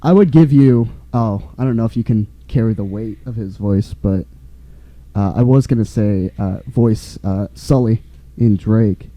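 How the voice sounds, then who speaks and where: A man's voice: fairly low pitch, measured pace, warm tone, dry recording. A man hosting a podcast in casual chat, laughing often and talking animatedly. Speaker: podcast host. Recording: dull lo-fi dry sound.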